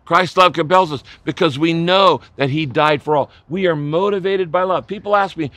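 A male pastor delivering an impassioned sermon with a somewhat high voice. He swings from loud, emphatic lines down to hushed, low ones. The sound is close and dry, with no room echo. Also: normal speed, hardly any pauses.

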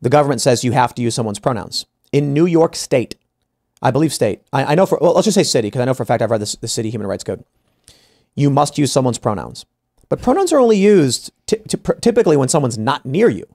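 Gravelly male podcast host. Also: medium pitch, very animated, fast, a little mellow. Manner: argumentative, many restarts, acts out quoted people. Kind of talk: opinionated panel talk. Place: podcast studio.

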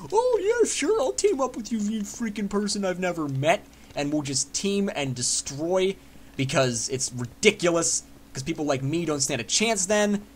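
A man giving casual let's play commentary, excitable and self-mocking, swearing freely as he plays. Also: on the high side, slight background noise. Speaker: gaming channel host.

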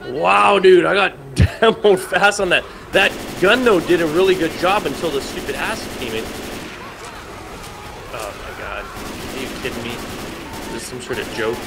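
A man giving casual co-op game commentary, excitable and prone to yelps and shouts. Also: a little high, unhurried, gravelly, background noise. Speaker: gamer.

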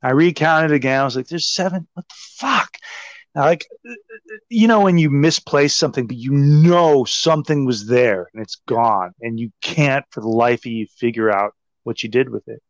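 A man guest telling a story in a casual, animated and profane way, full of "like". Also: medium pitch, moderate pace, no room sound. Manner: animated, profane, heavy use of "like". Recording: slightly dull, dry sound.

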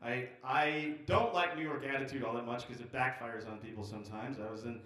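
A man in his forties doing live stand-up, teasing the audience and riffing with wry, sudden loud outbursts. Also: mid-range voice, fairly quick, distant mic. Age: 40s. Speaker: stand-up comedian. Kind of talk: live stand-up with crowd work. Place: lodge performance room. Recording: echoey room recorded from afar.

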